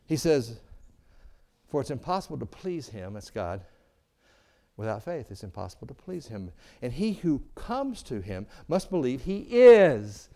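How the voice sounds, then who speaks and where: A middle-aged man preaching a sermon, calling for amens and swinging from booming to hushed. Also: big pitch swings, measured pace. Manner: preaching with call-and-response, asking "Amen?". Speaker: pastor.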